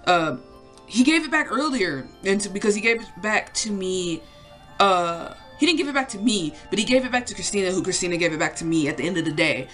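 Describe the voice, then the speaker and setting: A woman's voice: mid-range voice, animated, brisk, a bit bright, soft background music. A young woman telling a story to camera in a casual, rambling way, full of fillers and swearing. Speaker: vlogger.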